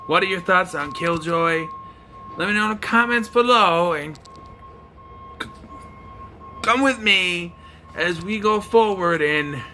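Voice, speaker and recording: Young guy venting about a movie, super bright edgy voice, bounces up and down a lot, kinda fed up and sarcastic. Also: high-pitched. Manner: exasperated, sarcastic ranting. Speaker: movie reviewer. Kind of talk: casual video review.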